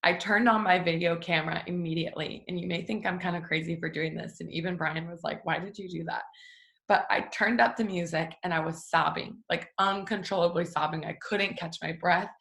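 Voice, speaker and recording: A woman's voice: lowish voice, steady tone, brisk, vocal fry, fairly bright tone. A young woman giving a casual, emotional faith talk at home, chatty and full of fillers. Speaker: devotional host. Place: family home. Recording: roomy echo.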